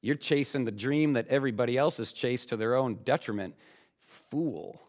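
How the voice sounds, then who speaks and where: A stern God speaks down from heaven, slow and grave, scolding a fool in a low, quiet tone, as a preacher voices him mid-sermon. His delivery is measured and plain. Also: lightly acted. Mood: stern rebuke.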